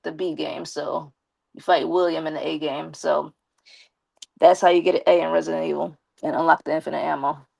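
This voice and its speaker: A woman live streamer with a slight lisp and a gravelly, fry-edged voice that sits a little low. She chats loosely and directly with her viewers, calling out shout-outs as she goes. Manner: chatty, talks straight to viewers, gives shout-outs. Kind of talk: casual live-stream chat.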